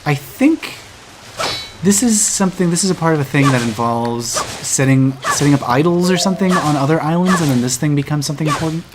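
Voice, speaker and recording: A man co-hosting a casual let's-play stream, chatty and playful, quick to joke. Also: a little high, lively intonation, background noise. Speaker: co-host of a game stream. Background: video game music.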